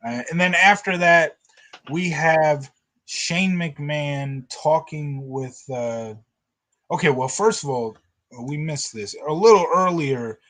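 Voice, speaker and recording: A man hosting a casual review show, retelling scenes in a lively way, acting out quotes and laughing often. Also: fairly high pitch, slow. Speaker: podcast host.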